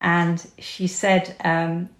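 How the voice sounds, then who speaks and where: A woman with a fairly low voice recounts a story as a podcast guest. She speaks earnestly, with hesitant pauses and ums. The recording has a roomy echo. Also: little pitch movement. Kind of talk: conversational storytelling.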